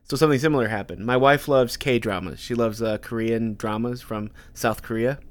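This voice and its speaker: A man's voice: mid-range voice, normal speed, no room sound. A young man, co-hosting a podcast in casual chat, telling stories animatedly and acting out quotes. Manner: animated storyteller, acts out quotes. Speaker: podcast co-host.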